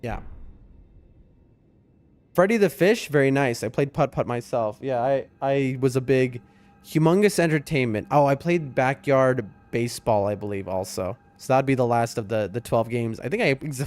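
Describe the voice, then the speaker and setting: A man streaming a game live, chatting casually and rambling to his viewers. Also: moderate pace. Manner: chatty and rambling, talks to his chat, soft high voice when talking to his cats. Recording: faint music behind the voice.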